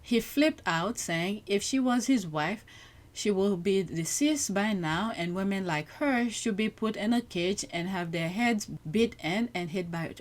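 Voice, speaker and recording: A woman's voice: mid-range voice, lively intonation, unhurried. A woman with a mid-range voice hosts a commentary show. She reacts to clips in a casual, outspoken way and often exclaims in disbelief. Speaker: show host.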